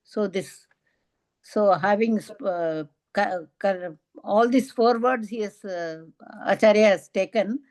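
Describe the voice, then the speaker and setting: Woman checking her grasp of a text, mid pitch, quick bursts. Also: darkish tone. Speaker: student. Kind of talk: asking a question in class.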